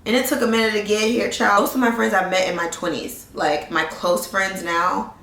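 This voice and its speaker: A woman's voice: medium pitch, fairly even intonation, moderate pace, creaky, a bit bright, slight background noise. A woman in her thirties talking earnestly in a casual life-update vlog, rambling and restarting her thoughts as she reflects. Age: 30s. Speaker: vlogger. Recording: roomy sound, distant mic.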